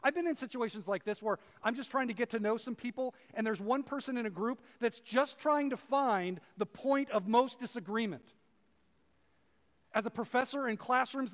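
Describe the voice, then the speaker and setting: A man preaching a casual, animated sermon to an audience, acting out voices as he goes. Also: very high-pitched. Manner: casual and animated, acts out voices, many fillers. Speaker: preacher and professor. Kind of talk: conversational sermon. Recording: long reverb of a large hall.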